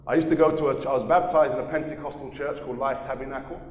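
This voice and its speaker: Earnest preacher in an echoey hall. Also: male voice, mid-range voice, fairly even intonation, rapid-fire, lo-fi sound, a little hiss or hum. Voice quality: earnest, repeats phrases for emphasis. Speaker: pastor. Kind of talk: sermon with personal testimony.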